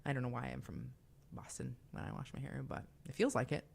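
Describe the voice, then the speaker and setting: A woman's voice: a bass voice, fairly even intonation, quick pace, vocal fry, hardly any pauses, darkish tone. A young woman hosting a call-in radio show, talking in a chatty, confiding way with fillers and asides. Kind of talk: casual call-in radio talk.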